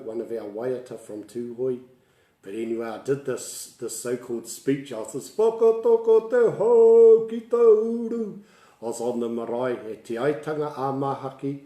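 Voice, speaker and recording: A relaxed, mellow-voiced man with a New Zealand accent runs a casual online language lesson. He talks in a chatty storytelling way, laughs a lot and mixes Māori words into his talk. The sound is roomy and echoey. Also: medium pitch.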